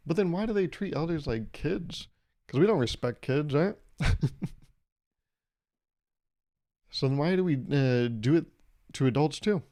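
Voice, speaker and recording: A young man hosting a solo comedic podcast, rambling and irreverent, swearing freely and breaking into loud mock voices when he quotes people. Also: a little high, animated, measured pace, pauses often. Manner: profane. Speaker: podcast host.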